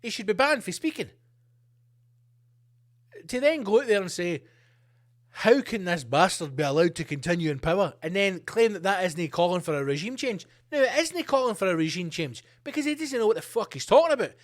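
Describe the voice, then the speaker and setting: A man's voice: high-pitched, sing-song, a little fast. A middle-aged man hosting a solo podcast, ranting in a sweary, sarcastic way. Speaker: podcast host.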